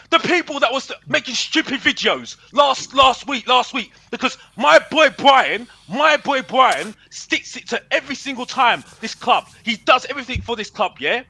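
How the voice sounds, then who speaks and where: A man, a fan guest on a video call, ranting in an animated, mocking, repetitive way full of slang. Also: extremely high pitch, breathy edge, no echo. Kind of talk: passionate fan rant.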